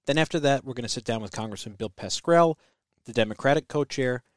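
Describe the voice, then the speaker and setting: A man hosting a podcast, giving a measured, explanatory introduction to the episode. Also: medium pitch, no echo, studio quality. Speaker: podcast host.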